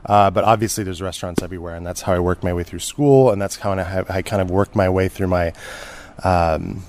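Very deep-voiced chef from Texas. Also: male voice, a little fast, slight background noise. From Texas, United States. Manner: friendly, relaxed, with hesitant fillers. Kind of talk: casual interview. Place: restaurant.

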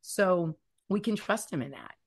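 A woman's voice: fairly low pitch, measured pace, slightly rough. A woman in her fifties, a guest author, speaking earnestly and animatedly about faith, fear and scripture. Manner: earnest, animated storyteller who stretches key words. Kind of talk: faith-centered interview talk.

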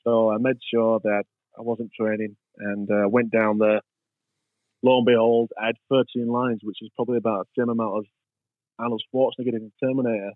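A man's voice: fairly low pitch, level tone, a little fast, no room sound. A man telling rambling anecdotes in an interview and acting out the voices of people in his stories. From England. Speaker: interview guest. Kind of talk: storytelling in a casual interview. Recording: dry, tinny phone-like sound.

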